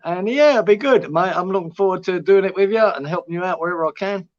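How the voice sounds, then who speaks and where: A man's voice: sits high, fast talker. A man, co-hosting a podcast with encouraging, casual remarks. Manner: encouraging, short interjections. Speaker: podcast co-host. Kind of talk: casual chat. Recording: dull, muffled audio.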